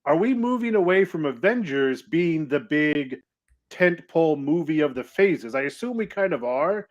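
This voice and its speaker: A man's voice: on the high side, animated, moderate pace, muffled recording. A man co-hosting a live podcast, speculating thoughtfully at length. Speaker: podcast co-host. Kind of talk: live podcast chat about films.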